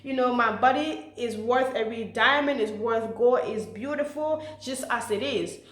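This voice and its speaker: A woman with a fairly high voice talks earnestly and warmly, giving encouraging advice to mothers. She leans on "you know" and "okay" as she goes. Her voice rings with the echo of the room around her. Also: moderate pace. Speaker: motivational speaker for mothers. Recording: echoey room.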